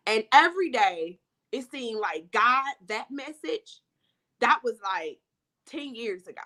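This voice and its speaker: Earnest, bright-voiced woman sharing her faith story. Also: a little high, very animated, takes it slowly. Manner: earnest, heartfelt, with many "you know" asides. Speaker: author guest. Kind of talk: emotional faith testimony in conversation.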